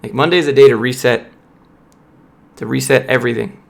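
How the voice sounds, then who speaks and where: Young man, casual livestream chat, blunt, motivational, mid-pitched voice, answers viewers. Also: brisk, creaky. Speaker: streamer, software developer.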